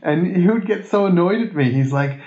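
An Australian man from Perth, appearing as a guest, chats casually in a high-sitting, expressive voice at a moderate pace, rambling and often laughing at himself. The recording is echoey with a dull, lo-fi quality.

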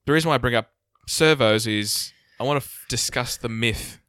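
A man's voice: medium pitch, normal speed, fairly bright tone, clear, resonant tone, dry recording, clean studio sound. A man with an Australian accent co-hosting a podcast in casual chat. He is blunt and jokey and swears freely. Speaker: podcast co-host.

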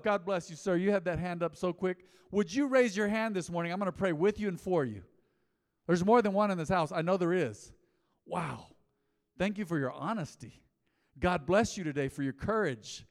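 A middle-aged male pastor preaching a sermon, swinging from soft pleading to loud calls that get the congregation repeating after him. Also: a little high, normal speed. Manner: animated preaching, rising and falling dynamics, calls to the congregation. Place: large church hall. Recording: long hall reverb.

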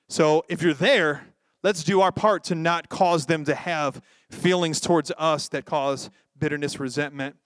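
A man preaching a sermon in a lively, joking way, often acting out quoted voices. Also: a little high, smooth, no echo, studio quality. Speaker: pastor.

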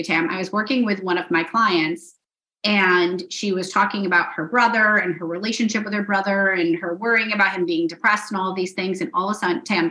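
Woman guest telling a story all excited, acts out who said what, bright voice, echoey room. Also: fairly low pitch. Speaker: guest, coach. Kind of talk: casual chat.

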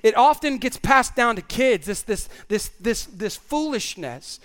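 A man's voice: extremely high pitch, lively intonation, unhurried, fairly bright tone. A male pastor preaching a sermon in an earnest way, often repeating words as he stresses a point.

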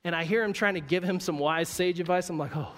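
A man preaching a sermon, telling a personal story in a conversational, wry way and dropping to a quiet voice for emphasis. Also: high-pitched, fast talker, in a large hall.

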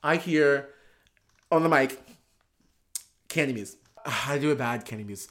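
Animated drag performer telling a story. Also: medium pitch, normal speed, pauses often. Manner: animated, lots of filler words and restarts, swears; laughs while talking. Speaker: podcast guest. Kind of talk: casual storytelling.

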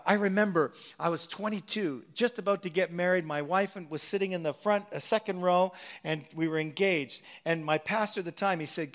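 A middle-aged man preaching a sermon, animated and telling a personal story with acted-out quotes. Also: a little high.

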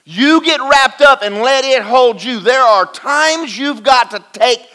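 A man preaching a folksy sermon to a congregation, swinging between loud and quiet. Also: very high-pitched, lively intonation, unhurried, clean tone. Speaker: pastor. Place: church in front of a congregation.

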